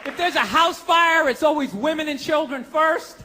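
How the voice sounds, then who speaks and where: A man doing a stand-up comedy set in a Boston accent, ranting and bursting into shouted bits, recorded live on stage. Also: extremely high pitch, normal speed, background noise. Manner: ranting, shouting into exaggerated impressions. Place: stage before a live audience. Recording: live theater recording with crowd and reverb.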